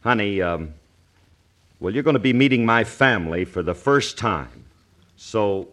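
A man's voice: on the low side, lively intonation, measured pace, long pauses, fairly bright tone. A man, wisecracking in a brash, folksy way in a 1940s radio comedy. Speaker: comedy show co-host. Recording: hissy old radio broadcast.

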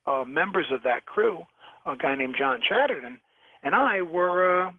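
A man's voice: on the high side, no room sound. Man from New York on a tinny phone line. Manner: halting, with many restarts and repeated words; lively storyteller. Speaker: guest, shipwreck diver. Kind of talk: telling stories in a phone-in radio interview. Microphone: telephone.

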